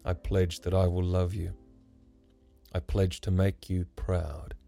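A man voicing a weary, guarded grown man with a gruff way of talking in a rhyming story. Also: sits low, flat delivery, slow, mellow, soft background music, full character voice.

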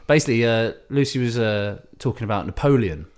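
A man's voice: mid-range voice, animated, a little fast, a little mellow, smooth. A man co-hosting a casual comedy podcast, telling stories, laughing often and acting out other people's lines. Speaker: podcast co-host.

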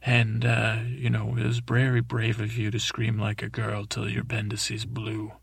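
A man hosting a sleep podcast, telling a meandering, halting story full of restarts and fillers. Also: on the low side, completely flat delivery, no echo. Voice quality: gravelly, husky. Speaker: podcast host. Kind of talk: rambling sleep story narration.

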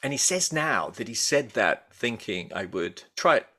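Hesitant, bright-voiced middle-aged man. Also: mid-range voice, sing-song, normal speed. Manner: rambling, hesitant, many restarts and fillers. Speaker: guest, baker and food writer. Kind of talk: casual conversational interview.

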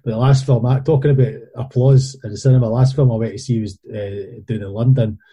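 Dark husky Scottish man. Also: medium pitch, steady tone, fairly quick. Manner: rambling, storytelling, frequent restarts. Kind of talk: casual chat.

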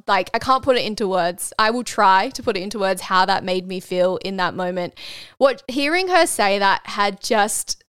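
A woman's voice: medium pitch, a bit bright, clear, resonant tone, no echo, studio quality. A young woman, hosting a podcast and telling a personal story candidly, swearing casually and getting emotional. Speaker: podcast host.

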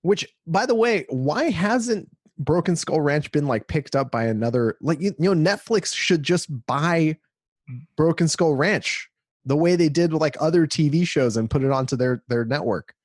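A man's voice: fairly high pitch, animated, moderate pace, darkish tone, dry recording, studio quality. A man hosting a casual podcast, speaking emphatically and indignantly, often restarting his sentences.

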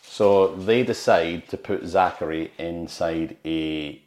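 A man's voice: sits low, slow, a little mellow. A man co-hosting a podcast, chatting casually about a film and retelling scenes with lots of restarts. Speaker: podcast co-host. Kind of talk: casual film review chat. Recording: roomy echo.

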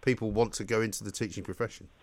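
A man's voice: lowish voice, level tone, very fast, no room sound. A man hosting a live radio talk show, chatty and affable, with frequent fillers. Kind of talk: live radio phone-in chat. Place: radio studio.

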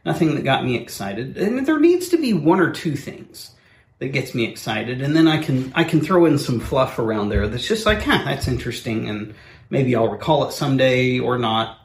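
A man co-hosting a talk show, joking in a dry, deadpan way. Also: medium pitch, moderate pace, echoey room. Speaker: co-host. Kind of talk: casual banter.

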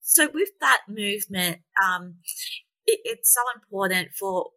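Earnest bright-voiced woman author guest. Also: medium pitch, expressive, no room sound, low-quality recording. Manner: earnest, measured, with fillers. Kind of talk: interview answers.

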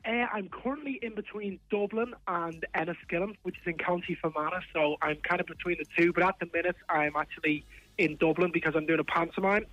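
A man's voice: sits high, steady tone, a little fast, a bit bright, no room sound, muffled recording. A man chatting as a guest on a radio show, easygoing and friendly. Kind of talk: casual radio interview.

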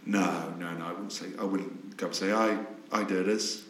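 A man in his thirties banters on a podcast, teasing his friend and tossing in quick remarks. His voice sits on the low side. There is an echoey room around him. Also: steady tone, a bit bright. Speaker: podcast co-host. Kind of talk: casual chat.

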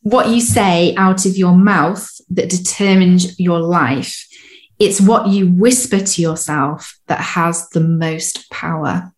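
A woman co-hosting a coaching podcast, upbeat and playful, who also reads out a listener's story. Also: lowish voice. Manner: upbeat, playful, slips into quick voices for inner characters. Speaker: podcast co-host. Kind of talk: casual coaching chat and reading a listener story.

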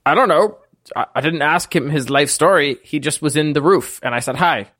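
A man's voice: a little high, brisk, fairly bright tone, no echo, clean studio sound. A man voicing a small, dim-witted little creature that talks in short, broken sentences, in a tabletop game. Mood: blunt. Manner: clipped broken grammar, terse.

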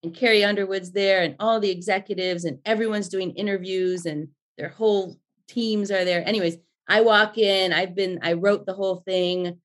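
A woman in her forties, a podcast guest, telling stories in a lively, chatty way and swearing freely. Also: mid-range voice, moderate pace, few pauses. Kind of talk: casual storytelling chat.

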